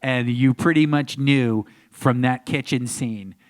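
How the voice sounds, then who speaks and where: A man guesting on a convention panel, telling a story with lively acted-out crowd voices. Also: slow pace. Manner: acts out crowds and voices, big pitch jumps. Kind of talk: animated storytelling.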